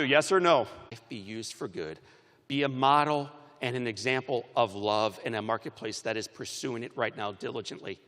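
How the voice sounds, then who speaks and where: A man giving a commencement speech, telling stories with animated shifts between loud and soft, recorded in a large arena. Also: mid-range voice, long reverb tail. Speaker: commencement speaker. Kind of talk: motivational speech.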